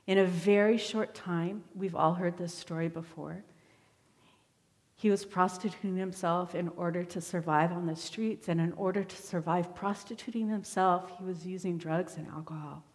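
A woman in her forties telling a personal story as a sermon in church, candid and quick with self-deprecating asides. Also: on the low side. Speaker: church member giving a sermon. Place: church sanctuary. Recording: long hall reverb.

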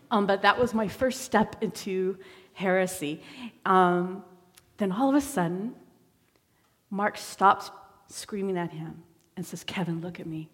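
A woman's voice: fairly low pitch, a bit bright. Woman, sermon testimony, conversational storytelling, long hall reverb. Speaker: church member giving a sermon. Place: church sanctuary.

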